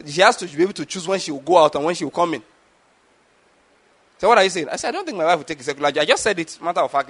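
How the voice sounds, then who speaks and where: High-voiced man preaching a sermon. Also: fairly bright tone. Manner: asks the audience questions, repeats words. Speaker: pastor. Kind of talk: sermon teaching.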